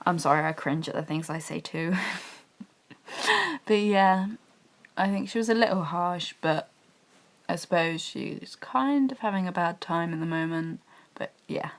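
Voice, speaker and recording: A young woman gushing about a TV drama in a rambling, chatty fan vlog, talking quietly from her bedroom. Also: on the low side, lively intonation, a little slow, pauses often. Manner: speaking quietly. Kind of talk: casual TV review vlog. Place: bedroom at home.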